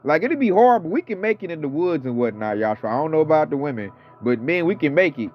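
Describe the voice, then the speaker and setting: A man's voice: on the high side, sing-song, fast talker. A man in his thirties or forties giving a casual, fired-up sermon, slangy and profane. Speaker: preacher. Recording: dull lo-fi audio with faint music.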